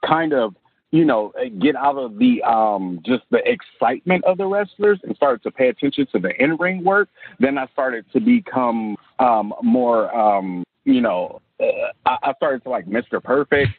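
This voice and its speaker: Wrestler-commentator guest, husky and chatty, dry tinny phone audio. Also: male voice, medium pitch, sing-song, normal speed, no echo. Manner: rambling, laughs often, many fillers and restarts. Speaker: professional wrestler and color commentator. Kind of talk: casual interview chat. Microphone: phone or call line.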